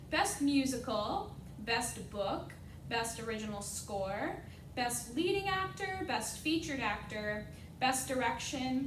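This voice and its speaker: Enthusiastic woman presenter, far off. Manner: enthusiastic, filled with frequent uhs. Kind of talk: casual class presentation. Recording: echoey, distant mic, noisy rumble.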